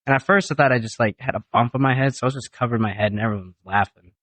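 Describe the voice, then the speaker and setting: A young man on a family podcast, telling an animated story and swearing casually. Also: mid-range voice, rapid-fire, dry recording. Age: young adult. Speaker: guest, son.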